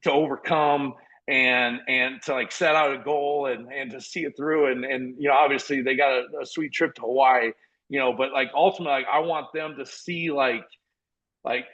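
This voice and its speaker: A man in his forties from South Dakota, a podcast guest telling stories in an energetic, earnest, rambling way full of restarts. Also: mid-range voice, moderate pace, dull audio. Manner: earnest, motivational. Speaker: podcast guest, former college football walk-on. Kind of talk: casual conversational storytelling.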